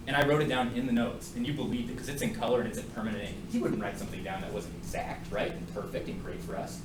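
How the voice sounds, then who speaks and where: A man's voice: mid-range voice, animated, racing, background noise. A man teaching a math class in a classroom, joking around and asking students many questions. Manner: jokey and playful, asks the class many questions. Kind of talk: classroom lecture. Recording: echoey classroom with faint ambience.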